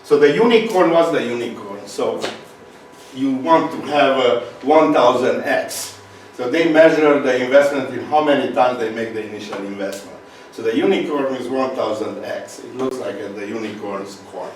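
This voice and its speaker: A man's voice: mid-range voice, distant mic, slight background noise. Romanian-accented man in echoey hall. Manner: halting, restarts, frequent fillers. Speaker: speaker. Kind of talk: conference talk.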